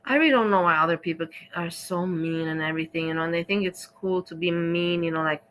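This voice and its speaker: A woman hosting a livestream, reacting in casual chat, blunt and chatty with frequent swearing and halting restarts. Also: fairly low pitch, a bit bright, slight background noise, rough recording. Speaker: livestream host.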